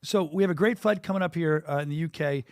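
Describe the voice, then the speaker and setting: A man hosting a sports podcast in a studio, talking quickly and enthusiastically with many restarts. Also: a little high, no room sound. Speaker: podcast host. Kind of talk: casual podcast chat.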